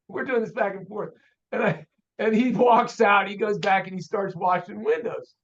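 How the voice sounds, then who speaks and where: An older man, an auto shop owner, telling a story in a folksy, animated way as a guest on an interview show. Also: sits high, moderate pace. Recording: dull lo-fi audio.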